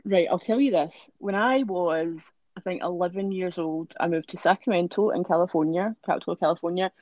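A woman's voice: on the low side, fairly quick, no echo, muffled recording. A woman with a Greenock Scottish accent, co-hosting a casual podcast chat and telling stories with casual swearing. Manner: chatty storyteller, swears casually. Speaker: podcast co-host.

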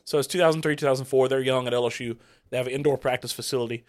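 A man hosts a rowdy sports podcast and tells his stories with plenty of swearing and laughter. His voice sits in an ordinary middle register, and he keeps the talk loose and animated. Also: mid-range voice, rapid-fire. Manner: profane, laughs often, animated storyteller. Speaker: podcast host. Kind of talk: rowdy casual sports chat.

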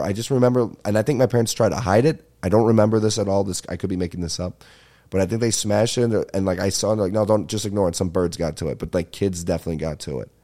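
A young man with a deep, mellow voice hosts a comedy podcast. He tells long, winding stories thick with swearing, fillers and sudden tangents. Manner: profane, meandering, lots of fillers and asides. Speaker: podcast host. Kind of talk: rambling comedic storytelling.

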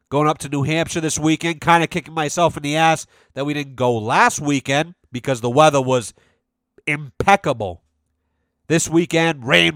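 A man's voice: fairly high pitch, fairly bright tone, smooth, no echo. An American man hosting a podcast alone, rambling in a loose, profane, jokey way and sounding tired. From United States. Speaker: podcast host. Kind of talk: casual solo podcast rant.

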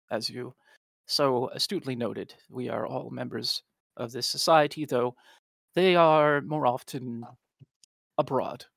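A man playing a courtly gentleman scholar. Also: mid-range voice, creaky, dry recording. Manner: polite, formal introductions.

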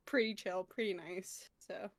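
A woman's voice: medium pitch, fairly even intonation, moderate pace, no room sound, clean studio sound. A young woman guest on a casual podcast, recounting events in a chatty, filler-heavy way with laughs in between.

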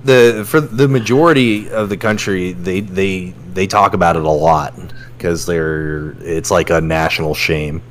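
Young man living in Germany, low voice, laid-back chat, chuckles between sentences. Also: steady tone, a little slow, hardly any pauses, a little hiss or hum. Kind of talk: casual chat.

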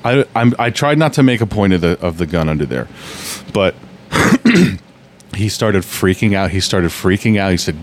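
A man's voice: deep voice, very animated, moderate pace, a little hiss or hum. A man telling stories in a casual podcast chat, rambling and restarting often.

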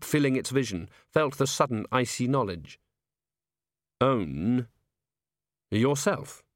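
A man's voice: mid-range voice, no echo. Man narrating an audiobook in a dry voice. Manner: measured, even storytelling. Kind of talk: scripted narration. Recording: dry close studio read.

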